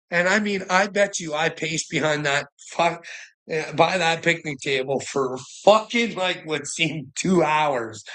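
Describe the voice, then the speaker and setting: A man's voice: a little high, pushed and bright. A man giving a rambling livestream monologue, swearing constantly, laughing often and speaking emphatically.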